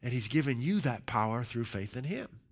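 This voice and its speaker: A man preaching a sermon, emphatic, slowing down to stress scripture quotes and often asking his listeners "right?". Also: medium pitch, big pitch swings. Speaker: pastor.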